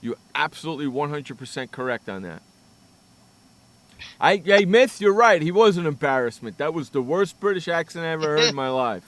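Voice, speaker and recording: Lively high-voiced man ribbing his co-host. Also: brisk. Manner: loud, teasing, repeats himself, swears. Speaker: sports radio host. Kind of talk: casual radio banter.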